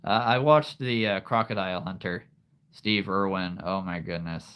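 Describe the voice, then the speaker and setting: A man's voice: deep voice, moderate pace, fairly bright tone, smooth. A man hosting a casual livestream, rambling to his viewers with many fillers and frequent laughs. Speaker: livestream host.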